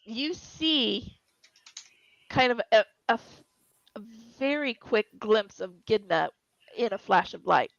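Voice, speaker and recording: A woman's voice: on the high side, expressive, takes it slowly, vocal fry, fairly bright tone, no echo. A woman running a tabletop game as game master, narrating descriptively with fillers and restarts. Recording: dull, lo-fi dry recording.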